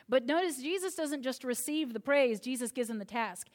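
A woman's voice: high voice, animated, normal speed, few pauses, a little mellow. A woman preacher delivering a sermon in a conversational way, retelling a scripture story with asides to the listeners.

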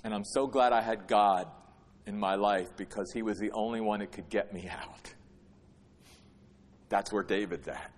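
A man preaching a sermon as pastor, swinging from hushed asides to emphatic, repeated phrases. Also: on the low side, normal speed, pauses often. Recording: long hall reverb.

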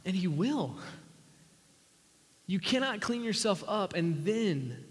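A pastor preaching a sermon in an earnest, conversational way, sometimes dropping to a near whisper. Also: male voice, high-pitched, sing-song, slow pace, breathy edge. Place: church sanctuary. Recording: long church-hall reverb.

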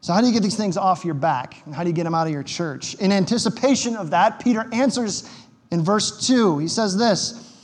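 A man's voice: high voice, a little fast. Male pastor, sermon, conversational and emphatic, wry asides, echoing church hall. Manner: conversational, emphatic preaching with quips. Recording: long hall reverb.

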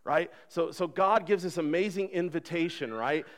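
A man's voice: fairly high pitch, normal speed. Earnest conversational male pastor preaching. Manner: earnest, conversational, acts out quoted voices. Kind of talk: sermon.

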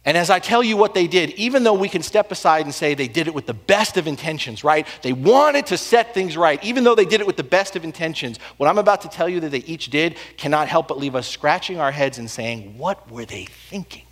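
A man preaching a sermon, telling the story with animated swings between loud and hushed delivery. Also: on the high side, fast talker, hardly any pauses. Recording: long hall reverb.

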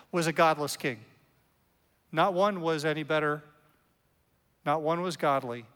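A man preaching a sermon as a pastor, in an animated, conversational way with playful asides. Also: a little high, normal speed, pauses often, clean tone, long reverb tail. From United States.

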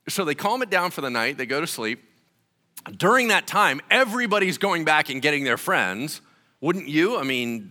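Male pastor, casual slangy preaching, lively swooping delivery, bright forceful tone. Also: fairly high pitch. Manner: animated, conversational preaching with slang. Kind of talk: sermon.

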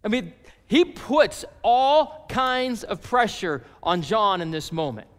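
High-voiced pastor in a reverberant hall. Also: male voice, slow pace, smooth. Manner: animated, acts out voices of people in the story. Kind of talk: sermon.

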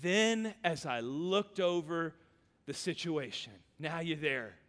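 A man from Louisiana preaching a sermon, telling stories and swinging between loud urgent calls and hushed, low passages. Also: animated, takes it slowly. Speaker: pastor. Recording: long hall reverb.

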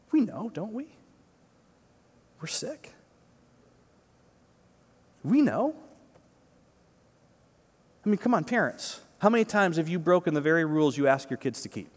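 A man's voice: high voice, expressive, normal speed, pauses often, breathy edge. A male pastor giving a conversational sermon, emphatic, with repeated words and frequent "right?" asides. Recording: long reverb of a large hall.

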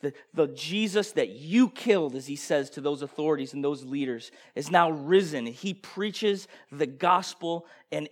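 A male preacher with a fairly high voice delivers an impassioned sermon. He pushes hard with rhetorical questions, then drops into quiet, intense stretches. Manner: impassioned, swings from loud bursts to hushed intensity, rhetorical questions.

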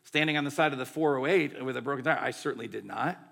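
Guy preaching, chatty and animated, a bit of gravel in the voice. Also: mid-range voice, fast talker. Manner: conversational, animated preaching with many "like" and "right". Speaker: pastor. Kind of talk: sermon.

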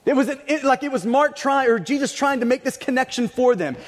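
A pastor delivering a conversational sermon, stumbling and restarting, with bursts of raised emphasis. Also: male voice, very high voice, fairly quick, big-room sound.

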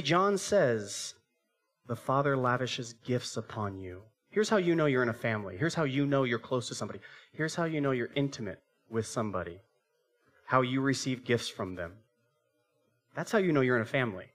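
A man's voice: on the low side, a bit bright. A man in his thirties preaching a sermon as pastor, telling a family story with acted-out voices and asking the congregation rhetorical questions.

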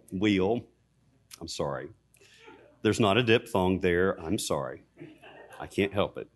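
During a sermon, a priest preaches emphatically, his voice swelling loud for key points before dropping low and quiet. He slips in asides that poke fun at himself.

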